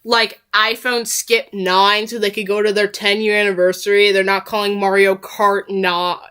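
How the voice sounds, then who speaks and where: A woman reacting to a game trailer in casual, slangy commentary, excitable and quick to laugh and shout out. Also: mid-range voice, smooth.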